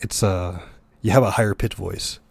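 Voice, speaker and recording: Low-voiced man, laughing animated podcast host. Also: normal speed, creaky, husky, no room sound. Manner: laughs often, animated storyteller. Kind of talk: casual podcast chat.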